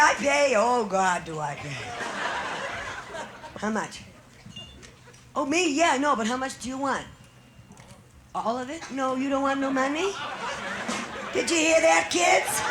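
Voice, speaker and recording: A woman's voice: high-pitched, heavy background noise. A middle-aged woman comedian doing a bawdy live stand-up routine on a nightclub stage, teasing the audience with brassy banter.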